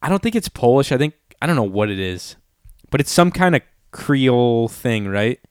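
A man's voice: mid-range voice, very animated, moderate pace, clear, resonant tone, no room sound, clean studio sound. A man hosting a casual podcast, trading crude jokes and swearing freely as he chats with a friend. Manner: crude, joking, swears a lot. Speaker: podcast host.

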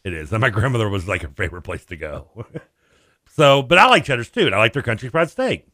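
A man co-hosting a radio sports talk show, telling stories in a lively, laughing, animated way. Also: lowish voice, quick pace, no echo, studio quality. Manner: animated storyteller, laughs often, acts out voices. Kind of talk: casual radio banter.

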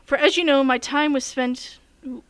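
A woman's voice: high-pitched, steady tone, moderate pace, a bit bright, no room sound. A woman voicing a humble, courtly male bard who speaks in formal address. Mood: earnest.

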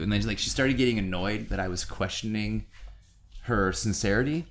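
A middle-aged man co-hosting a podcast, telling a story in a casual way and acting out quotes with sudden high-pitched jumps. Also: moderate pace, a little hiss or hum. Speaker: podcast co-host.

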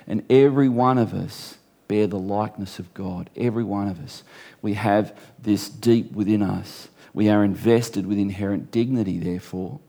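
A man's voice: lowish voice, fairly even intonation, moderate pace, warm tone. A middle-aged man, a pastor, preaching a sermon in a conversational way with wry asides and repeated key phrases.

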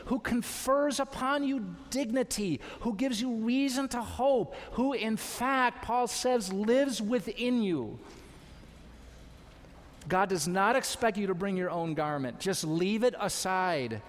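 A man's voice: high voice, big-room sound. A man preaching a sermon as pastor, exhorting his congregation with repeated calls to trust and obey. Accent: American. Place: church sanctuary.

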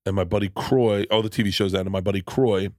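Low-voiced rambling male storyteller. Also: fairly even intonation, fast, darkish tone, no echo, studio quality. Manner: rambling, restarts sentences, swears freely; acts out quoted people in his stories. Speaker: podcast host and stand-up comedian. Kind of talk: casual storytelling chat.

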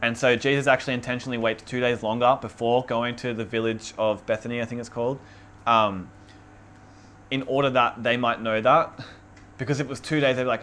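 A man leading an informal Bible study, teaching in a relaxed, chatty way with many fillers. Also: medium pitch, brisk, slight background noise. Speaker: youth group or Bible study leader. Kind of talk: casual conversational teaching on scripture.

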